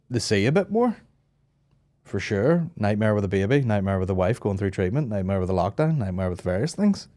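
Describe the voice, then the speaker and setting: With a lowish, mellow voice and a Northern Irish accent, a man in his thirties from Northern Ireland hosts a comedy podcast. His chat rambles loosely and profanely, broken up by laughs between riffs.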